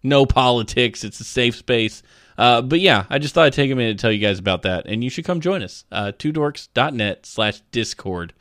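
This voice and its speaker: A man's voice: mid-range voice, lively intonation, normal speed, fairly bright tone, no room sound, clean studio sound. Goofy rambling male podcast host. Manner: goofy, rambling, playful asides. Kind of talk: casual comedic news podcast chat.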